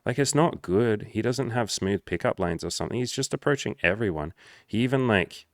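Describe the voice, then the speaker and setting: A man with a very deep, gravelly voice gives blunt dating advice in a casual monologue. He is animated and swears freely. His voice is recorded dry and close, with no room echo. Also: fairly quick. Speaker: dating and social coach.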